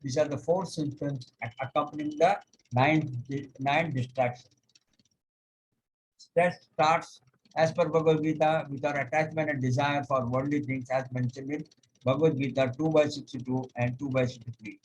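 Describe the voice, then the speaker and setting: A man teaching a yoga class over a video call, explaining step by step, pausing on "okay", and chanting scripture verses slowly. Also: medium pitch, steady tone, slight background noise, rough recording. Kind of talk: online lecture.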